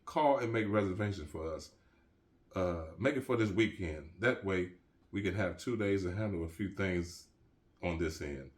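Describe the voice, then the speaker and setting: A devoted young woman, agreeable and eager to please, spoken plainly in a low male register by a man reading her lines. Little is done to change the voice. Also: moderate pace, lightly acted.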